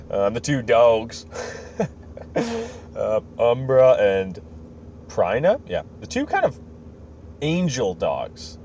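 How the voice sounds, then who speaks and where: A man's voice: on the low side, darkish tone, lo-fi sound, slight background noise. A man hosting a podcast, casually retelling a game's story in a rambling, joking way with lots of fillers. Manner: rambling and joking, many fillers, acts out quotes. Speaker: podcast host. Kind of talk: casual recap of a video game story.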